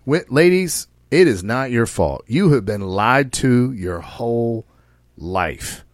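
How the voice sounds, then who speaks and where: Taking his time, a podcast host with an animated, mid-range voice speaks casually yet brashly, swearing and preaching as he turns directly to listeners. The sound is dry and clean, studio quality.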